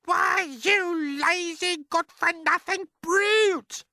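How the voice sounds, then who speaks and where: A man's voice: on the high side, huge pitch swings, slow pace, creaky, pushed and bright, no echo, clean studio sound, voice pushed up, heavily acted. A man voicing a spiteful old aunt in a storybook reading, screeching and snapping. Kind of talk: storybook character voice.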